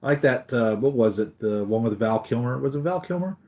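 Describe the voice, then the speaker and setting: A man's voice: medium pitch, expressive, fairly quick, a little mellow. A man hosting a live collectibles stream, chatting casually with viewers, tired after a sleepless night and rambling with many restarts.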